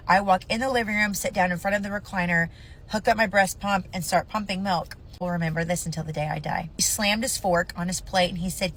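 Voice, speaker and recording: A woman's voice: on the low side, fairly even intonation, brisk, fairly bright tone, slight background noise. Blunt, cursing woman venting her story. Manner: blunt, profane and impassioned. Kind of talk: emotional personal story to camera.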